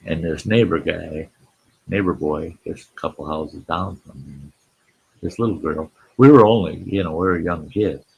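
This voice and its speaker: A man's voice: low-pitched, normal speed, gravelly, slightly rough, lo-fi sound. A man hosting a live stream, telling a rambling folksy story and greeting people in the chat.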